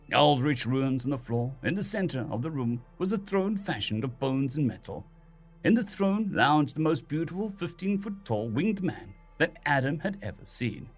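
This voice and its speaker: A man narrating a story as an audiobook reader, in steady, animated storytelling. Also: mid-range voice. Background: soft music.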